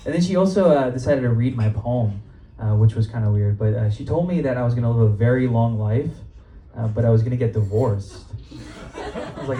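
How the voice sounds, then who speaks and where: Talking fast with lively intonation in a mid-range voice, a young stand-up comic keeps his club set casual and profane, laughing at his own jokes. Audience laughter and cheers fill the roomy live sound from a distant mic.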